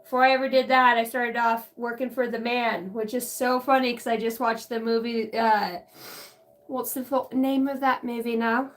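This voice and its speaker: A woman's voice: on the high side, flat delivery, normal speed. Chatty, profane woman vlogger. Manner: profane, laughs often, jumps between stories. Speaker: channeler and card reader. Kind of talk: rambling casual vlog chat.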